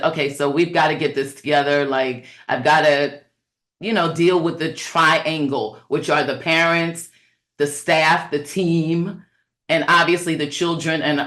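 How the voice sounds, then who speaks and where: Her voice sits low and a bit bright: a middle-aged woman giving a webinar talk that coaches childcare owners. Earnest, conversational and heavy on fillers, she grows preacherly as she brings in scripture.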